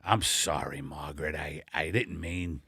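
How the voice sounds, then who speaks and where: A man voicing Al, a bumbling, apologetic middle-aged husband, in a low mumbling voice in an improvised comedy sketch. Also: a little slow, sharp tone, dry recording, clean studio sound, exaggerated voice. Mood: sheepish. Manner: low, gravelly, mumbling and sheepish. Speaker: comedy podcast co-host.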